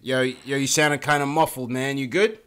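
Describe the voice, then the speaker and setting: A man hosting a call-in sports podcast, talking in a relaxed, chatty way and often adding "man". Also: medium pitch, moderate pace, smooth. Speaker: podcast host. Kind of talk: casual sports talk.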